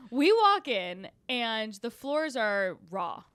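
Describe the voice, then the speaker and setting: A pregnant woman in her thirties co-hosting a podcast, telling a story in animated, swearing bursts and acting out what people said. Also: on the high side, drawn-out words, clear, resonant tone, no room sound. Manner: animated storytelling, swears freely, acts out quotes. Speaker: podcast co-host. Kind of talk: casual chat.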